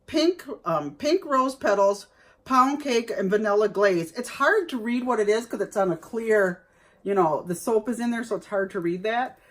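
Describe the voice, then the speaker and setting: A woman's voice: a little high, animated, normal speed. A woman vlogger chatting casually to viewers as she unboxes gifts, exclaiming over each item.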